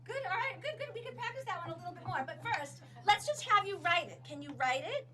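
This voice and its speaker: Brief: high-pitched female music teacher, upbeat coaching tone, steady background noise in a meeting room. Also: fast talker. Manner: upbeat, coaching children, counting in. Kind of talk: classroom demonstration.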